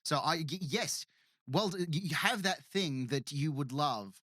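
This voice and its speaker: A man co-hosts a casual podcast, tripping over restarts and making self-deprecating jokes. His voice leaps around with a lively, slightly high pitch. The sound is close and dry. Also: measured pace, dry recording. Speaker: podcast co-host. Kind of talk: casual chat.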